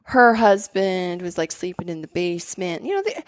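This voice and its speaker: Woman, doctor guest, animated talker, dry close-mic podcast sound. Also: on the low side, normal speed, no room sound. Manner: animated storyteller, many "like" fillers. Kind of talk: casual chat.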